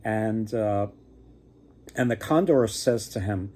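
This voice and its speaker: A man's voice: lowish voice, takes it slowly, mellow. A man hosting a casual myth retelling, rambling with lots of fillers and joking asides. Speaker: mythology storyteller host.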